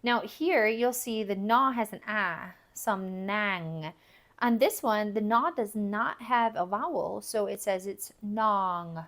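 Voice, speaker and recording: In a recorded phonics lesson, a language teacher patiently explains each step and repeats example words for learners. Her medium-pitched voice is animated and fairly bright, and she takes things slowly.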